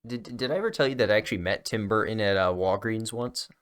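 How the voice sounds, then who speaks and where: A man from Michigan hosting a casual comedy podcast, telling rambling tall tales with a deadpan delivery. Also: on the low side, quick pace, smooth. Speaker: podcast host.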